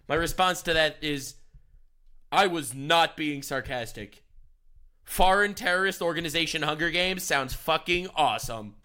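A young man streaming, giving sarcastic, profane commentary on news clips in an excitable, joking way. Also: fairly high pitch, moderate pace, smooth. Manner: sarcastic, excitable, swears a lot.

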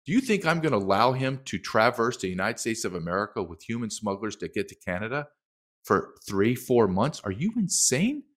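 Impassioned man with a lively voice. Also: on the low side, brisk. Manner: impassioned, emphatic, acts out quotes. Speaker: documentary filmmaker guest. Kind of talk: heated interview talk.

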